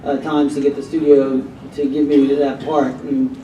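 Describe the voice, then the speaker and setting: A man's voice: mid-range voice, little pitch movement, moderate pace, dark tone, lo-fi sound, a little hiss or hum. A man on a convention panel telling a rambling anecdote and acting out what others said, heard in a large hall. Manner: rambling storyteller who acts out quotes. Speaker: panel guest. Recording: roomy convention hall from far off.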